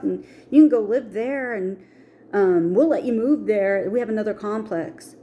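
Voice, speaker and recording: Speaking slowly over slight background noise, a middle-aged woman shares a personal story in her vlog. Her medium-pitched delivery is animated as she performs the voices of those she quotes.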